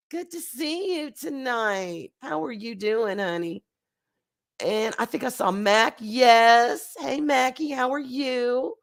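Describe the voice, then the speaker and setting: A woman hosting a casual livestream, hoarse and congested from a recent flu, chatty and laughing as she greets her chat. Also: a little high, takes it slowly. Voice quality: nasal, congested. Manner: chatty, laughing, swings between loud bursts and quiet asides. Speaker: livestream host. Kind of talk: casual chat reading live chat.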